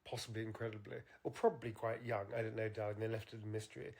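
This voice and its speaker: A man's voice: fairly low pitch, flat delivery, quick pace, vocal fry, very noisy. An actor playing a teasing, flirtatious vampire elf man, speaking in an arch, theatrical drawl. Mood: playful flirting. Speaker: voice actor's recorded birthday cameo.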